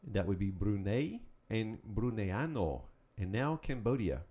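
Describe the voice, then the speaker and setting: A man hosting a Spanish lesson podcast, calling out words, pausing, then giving the answers in an upbeat, patient way. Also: on the low side, big pitch swings, warm tone. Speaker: Spanish teacher. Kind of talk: podcast language drill.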